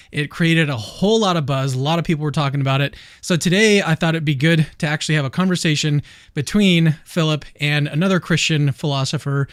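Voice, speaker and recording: A man's voice: fairly high pitch, dry recording, clean studio sound. A man hosting a casual online chat, introducing guests in a talkative, upbeat way with frequent restarts. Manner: chatty, upbeat, with many restarts. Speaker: host.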